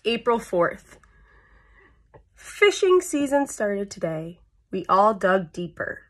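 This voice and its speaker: At storytime, a woman reads a children's picture book aloud, adding playful sound effects and chatting with the young listeners between pages. Her mid-range voice swings widely in pitch, and she speaks slowly, pausing often.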